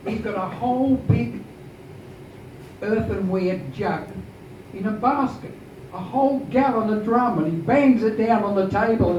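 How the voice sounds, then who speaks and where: Man, oral storyteller, lively dramatic delivery, high voice, echoey room. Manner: lively, dramatic, animated retelling. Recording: echoey, distant, dull noisy room recording.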